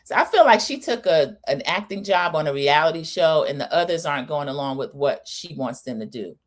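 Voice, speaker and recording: A woman's voice: deep voice, animated, a little fast. A middle-aged woman hosting a live recap, chatty and scolding, calling her viewers y'all. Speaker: recap show host. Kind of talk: live opinion recap, casual chat.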